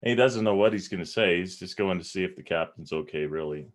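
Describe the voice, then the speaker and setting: A man narrating his character's actions in a tabletop role-play. His voice is very deep, and he tells the action in a lively way. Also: fast. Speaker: player.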